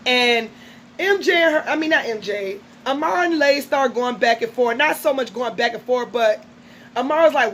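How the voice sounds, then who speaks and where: A woman's voice: sits high, moderate pace, fairly bright tone, a little hiss or hum, poor audio. A woman casually recapping a reality show episode in a chatty, gossipy way.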